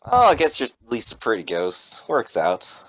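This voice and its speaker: A man's voice: on the low side, sing-song, normal speed, fairly bright tone, dry recording, low-quality recording. A man doing a nervous, cocky young thug.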